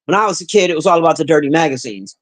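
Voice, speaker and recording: A woman livestreamer with a low voice rants casually to her viewers, reading chat at a very fast, animated clip. She's blunt and profane, talking straight to her audience and sighing between points.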